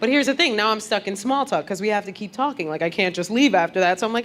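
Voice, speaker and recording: A woman's voice: medium pitch, fast talker, background noise. A woman performing a stand-up comedy set, acting out the people she quotes with big jumps in her voice.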